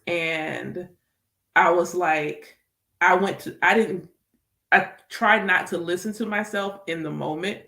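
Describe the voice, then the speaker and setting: A woman vlogging casually about spirituality as a medium, emphatic and animated, repeating phrases and laughing easily. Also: fairly low pitch, a little slow, roomy sound. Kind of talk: casual spiritual chat to camera.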